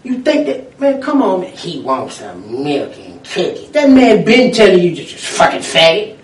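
A man in casual chat, ranting in a lively, profane way with street slang. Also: high voice, moderate pace. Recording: echoey room, mic at a distance.

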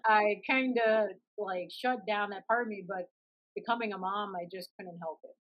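A woman in her thirties in casual conversation, telling stories in an animated way and often laughing. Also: medium pitch, moderate pace, lo-fi sound.

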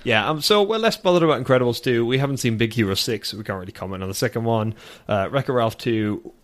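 A man's voice: mid-range voice, fast talker. A man co-hosting a casual chat show, opinionated and wry. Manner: opinionated, wry, slips into playful impressions. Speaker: podcast co-host.

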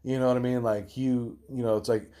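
A man's voice: level tone, fairly quick, warm tone. Swearing man in a heated rant. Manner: heated, swearing, repeating himself, rising pitch when worked up. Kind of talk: profane ranting monologue.

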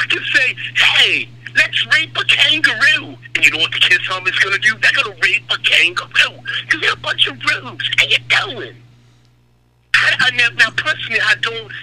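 A man's voice: extremely high pitch, animated, normal speed, pushed and bright, exaggerated voice, low-quality recording. A man doing a comedic impression of a crude, mocking aging male rock star, gossiping sarcastically on a radio call. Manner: crude, sarcastic, gossipy, calls the host by name.

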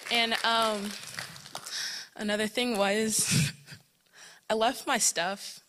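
Young woman, casual spoken testimony, bright clear tone, chatty, lots of fillers, laughs often. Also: a little high, steady tone, drawn-out words. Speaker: camp attendee giving a testimony.

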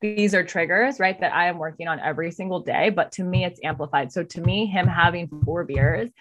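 Candid woman guest, emotional and blunt, swears, climbs high when worked up. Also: brisk, fairly bright tone, faint music behind. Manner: emotional, swears freely, rises sharply when heated. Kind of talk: candid personal storytelling.

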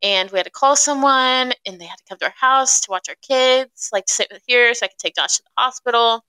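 A woman's voice: a little high, fairly quick, bright, forceful tone, smooth, rough recording. A young woman co-hosting a podcast, chatty and teasing as she fills in details of the story. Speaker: podcast co-host. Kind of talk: casual chat.

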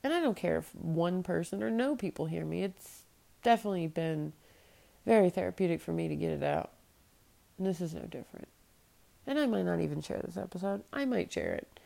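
A woman's voice: fairly low pitch, expressive, fairly quick, gravelly, dark tone. A woman in her late thirties hosting a solo podcast, talking bluntly and with profanity as she vents her frustration. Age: late 30s. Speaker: podcast host.

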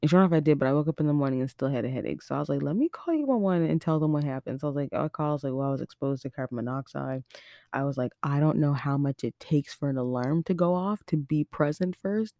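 A young woman from Nova Scotia hosting a podcast, telling a personal story in a chatty, animated way, filled with "like" and acted-out quotes. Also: low-pitched, fast, no room sound, studio quality. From Nova Scotia, Canada. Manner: chatty and animated, heavy use of "like", acts out quotes. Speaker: podcast host. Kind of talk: casual storytelling monologue.

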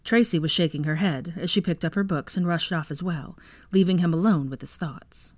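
A woman narrates a story at an even, steady pace. Her voice sits low and is recorded close, with no room sound at all. It is a home audiobook reading. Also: normal speed, dry recording. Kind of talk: fan fiction audiobook reading.

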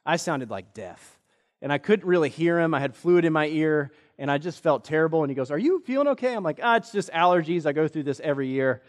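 A male pastor delivers a sermon built around a personal story, told earnestly, with lively voices whenever he quotes others. He speaks a little fast at a fairly high pitch, and the recording carries the long reverb of the church sanctuary.

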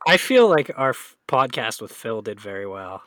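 A man with a somewhat nasal, mid-pitched voice co-hosts a loose podcast chat, rambling, joking and laughing between his lines. The sound is dry and close, with no room around it. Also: very animated, moderate pace, a bit bright, no echo. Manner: joking, rambling, laughs often, swears freely. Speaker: podcast co-host. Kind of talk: casual chat.

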